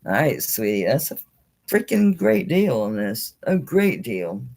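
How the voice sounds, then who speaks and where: Chatty, animated woman selling jewelry live. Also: a bass voice, unhurried, gravelly. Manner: chatty and salty, with frequent mild swearing; animated, talking while handling and showing items. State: tired and yawning late in the stream. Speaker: live jewelry auction seller. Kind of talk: casual live-stream selling chat.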